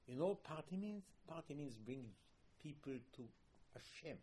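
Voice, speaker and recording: A man giving a sermon, telling stories in an animated way, repeating phrases for emphasis and raising his voice in loud bursts. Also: a little high, normal speed, a little hiss or hum. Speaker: rabbi teaching.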